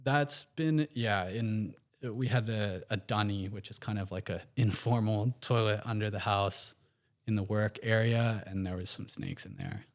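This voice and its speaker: An American man, a podcast guest, telling stories in a relaxed, rambling way with plenty of fillers and restarts. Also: on the low side, a little slow. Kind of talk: casual interview storytelling.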